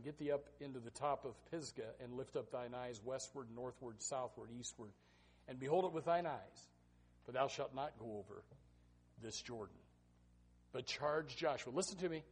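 A man preaching a sermon to students, reading scripture softly and then exhorting loudly, often repeating words as he starts a sentence. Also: a little high, slightly rough. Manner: animated, swings between hushed scripture reading and loud exhortation.

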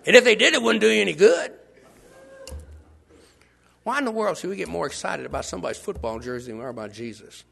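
An older man preaching a sermon, shifting from hushed asides to shouts as he acts out scenes. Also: high voice, fast, gravelly, long pauses, husky. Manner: animated, swings from hushed to shouting, acts out bystanders.

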